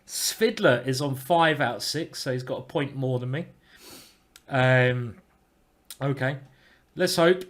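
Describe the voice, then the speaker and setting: A man's voice: medium pitch, slow, pauses often. A man, commenting chattily and rambling a bit as he plays chess on a live stream. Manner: chatty, rambling, with mild swearing. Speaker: chess grandmaster streaming his games.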